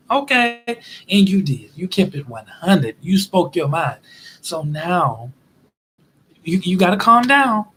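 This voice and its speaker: High-voiced man giving casual commentary. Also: normal speed, slight background noise. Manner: animated storytelling with acted-out quotes. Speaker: vlogger.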